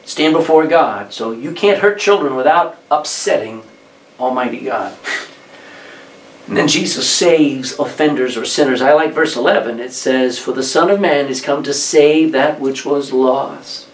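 A man preaching a sermon to a congregation, telling stories in a conversational way that rises in pitch and force on key points. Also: measured pace. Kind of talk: sermon with storytelling. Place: church hall with congregation. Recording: echoey room, distant mic, faint background.

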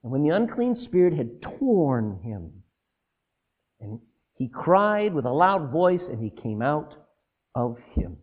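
A man preaches a sermon with a high voice that swings up and down widely. He throws rhetorical questions to the congregation and breaks into asides. The sound is tinny and narrow, as if heard over a phone line. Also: big pitch swings, slow, breathy edge. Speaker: pastor.

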